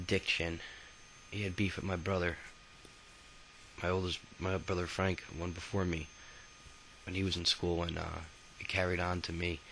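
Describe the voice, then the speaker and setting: Young man, very low gravelly voice, casual profane memoir, rambling. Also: sharp tone, a little hiss or hum, rough recording. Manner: rambling, profane, full of fillers and restarts. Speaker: autobiography narrator.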